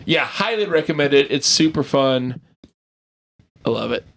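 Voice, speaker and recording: A man's voice: medium pitch, expressive, moderate pace, a bit bright. A man chatting casually on a podcast, laughing often and acting out characters as he tells stories. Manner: laughs often, acts out game characters in quotes. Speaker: podcast host. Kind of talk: casual chat.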